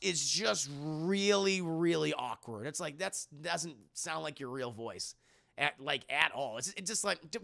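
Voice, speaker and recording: A young man reviews a film for his live chat in a loose, rambling way and swears freely. His voice sits a little high and sounds bright and edgy. It has a strong gravelly fry. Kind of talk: casual spoken film review.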